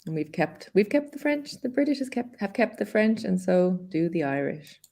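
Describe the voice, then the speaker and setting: A woman's voice: medium pitch, sing-song, normal speed, creaky, dark tone. A woman hosting a live online English lesson, patiently explaining and repeating words.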